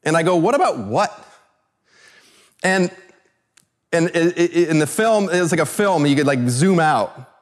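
A man from California telling a personal story to an audience, animated, with many fillers and restarts. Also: on the high side, normal speed. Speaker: speaker.

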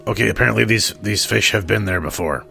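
Man, very low gravelly voice, bright edge, hesitant, stammering player. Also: fast, soft background music. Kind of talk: casual tabletop game play.

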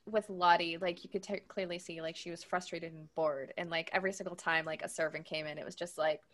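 A woman co-hosting a casual podcast chat, talking hesitantly with many fillers and trailing off softly. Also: fairly low pitch, steady tone, a little fast. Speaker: podcast co-host.

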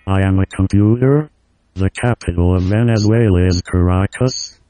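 A computer voice of a man announcing topics in a flat monotone. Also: low-pitched, normal speed, smooth, dry recording. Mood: deadpan.

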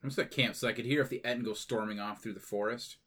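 Low-voiced man playing a tabletop game. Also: steady tone, fast, fairly bright tone. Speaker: player.

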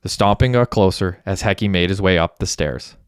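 A man reading a story aloud as a narrator, in a steady, even storytelling manner. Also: sits low, fairly quick, clear, resonant tone, no room sound, clean studio sound. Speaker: audiobook narrator. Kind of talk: scripted narration.

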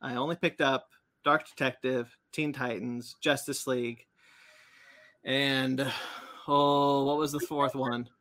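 Bright-voiced man rambling casually. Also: medium pitch, level tone, slow. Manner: rambling, many fillers and restarts. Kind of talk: casual chat about comics and cartoons.

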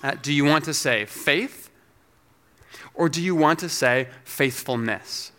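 A man's voice: on the high side, bright, forceful tone. Man teaching a careful sermon. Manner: measured, explanatory, scholarly. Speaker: pastor.

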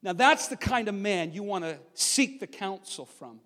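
A man preaching a sermon and reading from the Bible, emphatic and swinging from loud to hushed. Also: sits high, animated, normal speed, long reverb tail.

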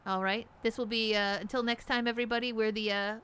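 A woman's voice: fairly high pitch, fairly even intonation, quick pace, fairly bright tone, smooth. A woman co-hosting a comedy podcast, blunt and casual, swearing freely. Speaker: podcast co-host.

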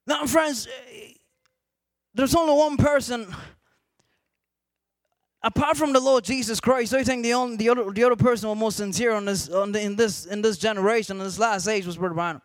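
A man preaching a sermon to a congregation, repeating "amen" often and rising to shouted emphasis. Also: very high voice, brisk, no echo.

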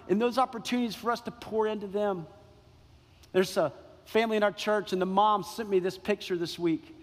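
A man's voice: sits high, steady tone, brisk. A man preaching a sermon as pastor, emphatic, repeating key phrases and questioning the congregation. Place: church sanctuary. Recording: long reverb in a large hall.

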